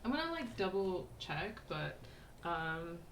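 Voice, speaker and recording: A woman's voice: lowish voice, big pitch swings, slow pace, noisy background. A woman co-hosting a video game let's-play, chatting casually, laughing often and stopping to explain things. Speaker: co-host playing a video game.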